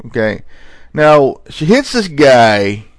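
A man's voice: mid-range voice, big pitch swings, slow, dry recording. A man hosting a casual show, retelling funny emergency calls in a rambling, profane way, stumbling over words and asking "okay?" a lot. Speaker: host. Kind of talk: casual commentary on viral clips.

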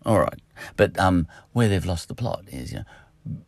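Australian man, solo podcast ramble, gravelly low voice, lively pitch, dry close sound. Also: a little slow, dry recording. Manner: meandering, full of fillers and asides. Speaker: podcast host.

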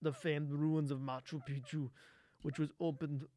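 A man putting on the voice of a gruff male action star, reading a news story in a stiff, halting way. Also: on the high side, flat delivery, dark tone, lightly acted. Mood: mock-serious. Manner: stiff, halting, stumbles over words.

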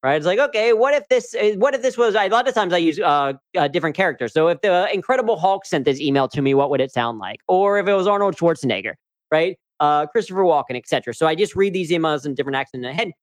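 Male guest, chatty and upbeat, slightly high voice, dry close recording. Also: lively intonation, quick pace, no room sound. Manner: upbeat, chatty, frequent "right?" asides. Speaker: guest, humor coach and speaker. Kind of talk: casual interview talk.

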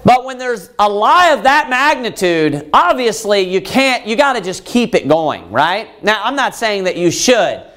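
A man's voice: sits high, sing-song, unhurried, few pauses, fairly bright tone. A man preaching a sermon, reading scripture aloud and asking the listeners rhetorical questions, raising his voice to act out pleading characters.

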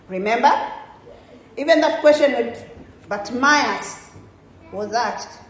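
A woman preaching a sermon in a church, asking rhetorical questions with emphatic rises and soft trailing endings. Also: high voice, unhurried, long pauses. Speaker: guest preacher. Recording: very echoey church hall.

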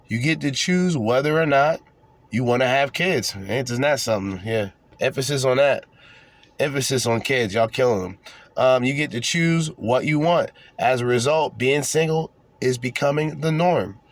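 Young adult male podcast host, sarcastic, profane ranting style, average pitch. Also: dry recording. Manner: sarcastic, profane, mocking asides. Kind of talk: casual unscripted rant reading articles aloud.

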